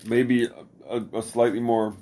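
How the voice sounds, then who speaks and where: A middle-aged man chatting casually as a podcast co-host, swearing a lot and talking in animated bursts. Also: measured pace. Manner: profane, animated, bursts into high falsetto singing. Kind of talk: casual chat.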